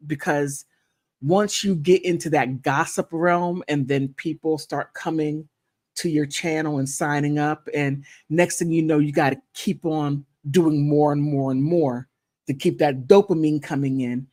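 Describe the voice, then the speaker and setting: A woman hosting a casual livestream, chatting playfully and thanking viewers, with high laughs and quiet, sincere asides. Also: steady tone, measured pace, no room sound, studio quality. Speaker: content creator hosting a livestream. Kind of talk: casual livestream chat reacting to gossip and viewer comments.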